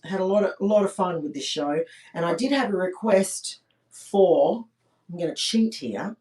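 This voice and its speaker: A woman's voice: lowish voice, expressive, moderate pace, mellow, far from the mic. A woman hosting a comedy livestream from home, chatting cheekily and crudely with viewers between songs. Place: home during lockdown. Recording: echoey room, voice off-mic.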